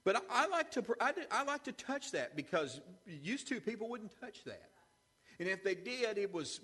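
Pastor, male, high voice, lively sermon delivery with "amen?" asides, long church reverb. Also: moderate pace, slightly rough. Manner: animated preaching with call-and-response asides. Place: church sanctuary.

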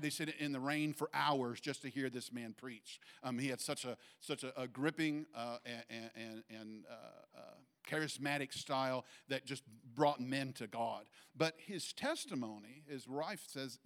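A man preaching a sermon to a church congregation, halting with fillers and restarts, his voice lifting higher and louder when he presses a point. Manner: rises in pitch and force when making a point. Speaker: pastor.

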